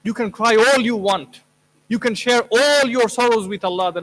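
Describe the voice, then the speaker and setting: An imam's very high, slightly bright voice carries at normal speed through the long reverb of a mosque hall. Earnest in tone, his Quran commentary lecture poses rhetorical questions and includes recited Arabic verses.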